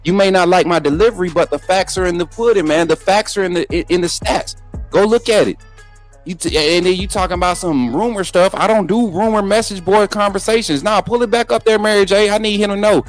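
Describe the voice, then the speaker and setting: A man's voice: high voice, a little fast, faint music behind. A man hosting a live sports talk stream, combative and repetitive, talking straight to his viewers and reading out their chat messages. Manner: combative, repeats himself, talks straight to viewers. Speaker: sports show host.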